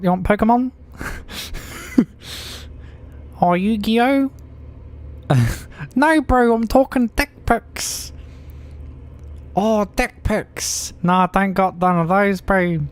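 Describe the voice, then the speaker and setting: Picture a man hamming up a cheeky young Kiwi bro in a put-on New Zealand accent, pitched way up and loud. The voice is slangy and playful, a deliberate caricature. It sits high above a normally deep speaking voice. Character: exaggerated slangy young Kiwi bloke, male.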